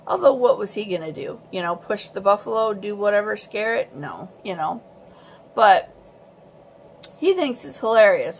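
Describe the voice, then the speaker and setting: A woman vlogger telling a story in a casual, animated and exasperated way. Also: mid-range voice, moderate pace, a little hiss or hum.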